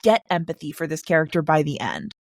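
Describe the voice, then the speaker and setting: A woman who is a guest on a podcast, talking casually and with strong opinions, rushing through some phrases and laughing between points. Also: deep voice, lively intonation, darkish tone, no room sound, studio quality.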